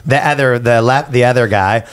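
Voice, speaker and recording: A man co-hosting a comedy podcast, telling a story in casual chat and acting out the quotes in raised voices. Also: a little fast. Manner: animated storytelling, acts out quotes in high voices. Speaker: podcast co-host.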